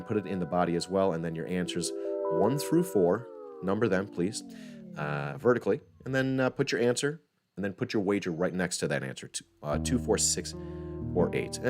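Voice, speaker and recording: A man hosts a casual live-stream trivia game, cracking jokes and wandering off into self-correcting asides. His voice sits a little low. Music plays clearly under his talk. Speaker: trivia host. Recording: music playing behind the voice.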